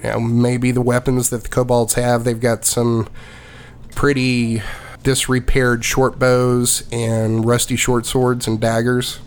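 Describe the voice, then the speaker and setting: A man narrating as game master of a tabletop game, unhurried and with many fillers. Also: medium pitch, monotone, clear, resonant tone.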